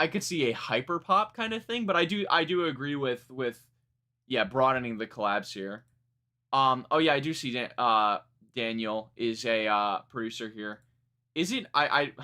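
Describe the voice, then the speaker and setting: A man's voice: mid-range voice, animated, normal speed, sharp tone. A young man reacting live to a new song, talking casually, rambling and correcting himself, frank and a bit profane. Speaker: music reaction streamer.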